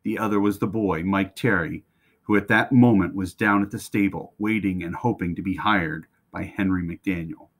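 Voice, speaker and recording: Low-voiced man reading a storybook aloud. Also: moderate pace. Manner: expressive, animated reading. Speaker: reader. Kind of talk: reading a children's book aloud.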